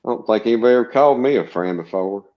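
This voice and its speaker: A man's voice: medium pitch, fast, dull audio. A middle-aged man with a Southern US accent, joking and teasing folksily in a casual late-night group chat. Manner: joking, self-deprecating, folksy. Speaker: chat participant.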